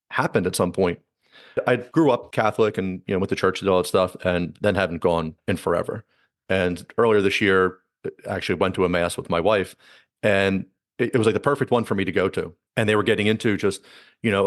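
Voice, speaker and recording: Male podcast host, quick rambling delivery, low-pitched, dry booth sound. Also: no echo. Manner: fast, rambling, with frequent restarts and fillers. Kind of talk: casual conversational chat.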